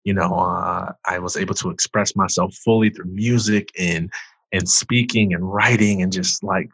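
A man, a former athlete and author, earnestly telling his personal story as a guest, loose and full of "like", turning loud when he acts out past outbursts. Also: sits low, steady tone, moderate pace, slightly rough, dry recording. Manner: earnest, loose, heavy use of "like".

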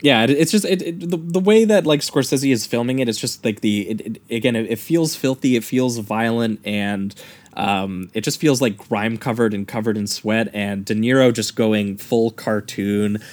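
A man's voice: mid-range voice, normal speed. Man breaking down film scenes. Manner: detailed, analytical retelling of scenes. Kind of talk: casual film discussion.

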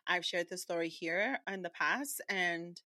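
A woman hosting a casual podcast, expressive and talking things over, often checking in with "right?". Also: fairly low pitch, measured pace, no room sound, studio quality. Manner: expressive, says "right?" a lot. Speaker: podcast host.

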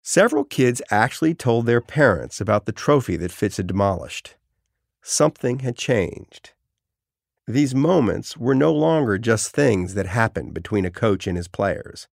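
Male narrator from New Orleans, low gravelly voice, deliberate storytelling, dry close mic. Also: lively intonation, dry recording. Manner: deliberate storytelling, vivid phrasing. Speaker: podcast host and narrator. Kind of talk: scripted narration.

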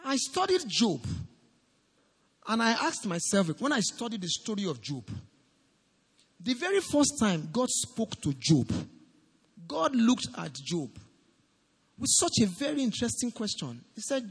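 A man preaching a sermon as pastor, swinging from shouts to low, quiet lines. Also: unhurried, pauses often, slightly rough, long reverb tail. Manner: animated preaching, rising to shouts and dropping low.

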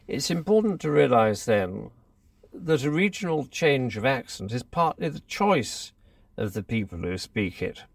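A man, a columnist, reading his own essay aloud in a measured, deliberate manner. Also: medium pitch, gravelly, no echo, recorded from a distance.

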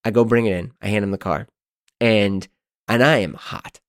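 A podcast host in his thirties with a low-pitched voice, talking loosely through a long story. He is animated and quick to poke fun at himself. The sound is dry and close. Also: no room sound. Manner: animated, self-deprecating, rambling. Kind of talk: casual storytelling monologue.

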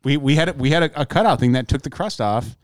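A man's voice: medium pitch, animated, quick pace. A man in casual banter, stumbling over his words and joking with friends. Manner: stammering, restarts, joking. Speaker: panel guest.

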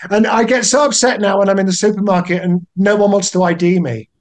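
An older man with a British accent, a guest actor chatting in a relaxed, wry, self-deprecating way. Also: quick pace. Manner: genial, wry, self-deprecating, with lively pitch jumps. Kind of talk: relaxed podcast chat.

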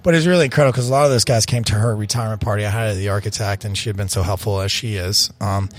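A man's voice: fairly low pitch, very fast. A man from North Carolina telling stories as an interview guest, rambling and repeating words with "you know" and "man.". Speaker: bar owner, interview guest. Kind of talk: casual storytelling interview.

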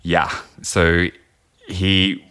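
A man's voice: sits low, flat delivery, very slow, pushed and bright, smooth. A man hosting a casual chat, telling a long story in detail to a co-host.

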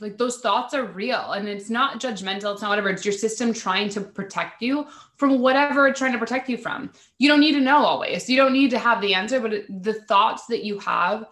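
A woman's voice: a little high, moderate pace, fairly bright tone, echoey room. A woman hosting a spiritual podcast, chatting casually and rambling with many "like" fillers. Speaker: podcast host.

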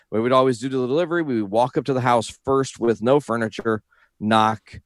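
A man's voice: mid-range voice, a little fast, no room sound, clean studio sound. A young man telling a rambling, profane story in casual chat, often breaking into laughter as he talks. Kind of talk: casual anecdote.

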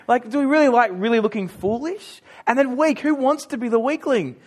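A man's voice: extremely high pitch, a little fast, a little mellow. A man with an Australian accent preaching a sermon, telling personal stories in a chatty, self-mocking way. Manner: conversational storytelling with self-mocking humor.

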